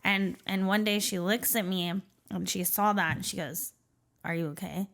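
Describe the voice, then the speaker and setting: Her voice sits at medium pitch with some vocal fry, a slightly bright quality, fairly even intonation, and a normal speed. A Portland-area woman from Oregon, she's being interviewed on a podcast and shares her personal history candidly, chatting with lots of fillers and brief, nervous laughter.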